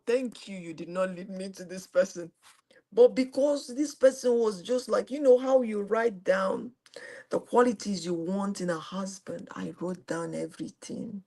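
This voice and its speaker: A middle-aged woman with a Nigerian accent, acting as host, tells a personal story to a live audience. Her voice swings between high exclamations and quiet, low asides.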